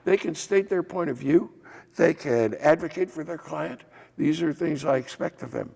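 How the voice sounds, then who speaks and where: An older man, a former legislator and state official, telling anecdotes in an oral history interview with a gravelly voice. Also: on the high side, normal speed, slight background noise. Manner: animated anecdotes with acted quotes and laughs. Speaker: former legislator and assistant insurance commissioner. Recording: hall reverb.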